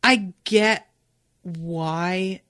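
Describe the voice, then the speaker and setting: A woman's voice: on the low side, drawn-out words, a bit bright. A woman hosting a podcast, recapping a TV episode in a casual, emphatic way, with lots of fillers and the odd swear word. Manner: chatty and emphatic, with frequent fillers and occasional swearing.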